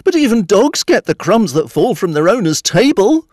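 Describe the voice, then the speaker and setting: A man voicing a desperate Canaanite mother begging for help in a scripture reading, in a high pleading cry. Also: sing-song, normal speed, a little mellow, no echo, studio quality. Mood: humble.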